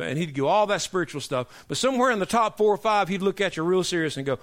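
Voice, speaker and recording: A middle-aged male pastor preaching a sermon to his congregation, emphatic and preacherly, dropping low for punchlines. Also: animated, fast, few pauses. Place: church sanctuary.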